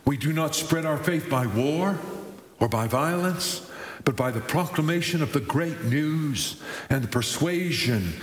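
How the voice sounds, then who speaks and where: Male pastor, slightly high voice, sermon with halting restarts, recorded in a reverberant church hall. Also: animated, a little hiss or hum. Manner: halting restarts, building to emphatic lists. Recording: echoey hall with long reverb.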